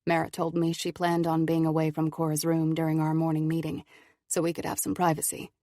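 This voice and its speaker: A woman narrating an audiobook in a calm, measured first-person telling. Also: sits low, no room sound, clean studio sound.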